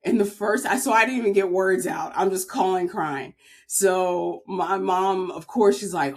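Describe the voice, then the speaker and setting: A podcast guest from Maryland, USA, shares a personal story in an earnest, heartfelt way. Her voice sits in the mid range, her pace is measured, and she uses filler words often.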